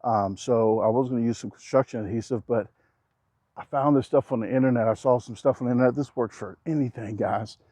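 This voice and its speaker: A man talking casually to camera while building outdoors, rambling and cracking jokes, keeping his naturally loud voice down. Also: mid-range voice, fairly quick, no room sound. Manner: joking, rambling, self-deprecating asides. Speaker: vlogger. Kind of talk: casual vlog talk to camera. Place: outdoors at a backyard building site. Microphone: action camera.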